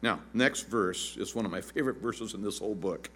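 A man in his fifties preaching a sermon as pastor, animated and joking, acting out quotes in a shrill voice. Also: a little fast, slight background noise.

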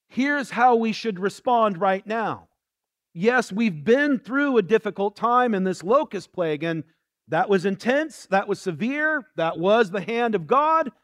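A man preaching a sermon in an earnest way, reading scripture softly and slowly. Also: high voice. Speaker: pastor.

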